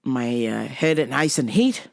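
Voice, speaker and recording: Woman podcast host, comic storytelling, profane, exasperated, lively swinging pitch. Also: measured pace, vocal fry. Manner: profane, exasperated, laughing at herself. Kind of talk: comedic storytelling.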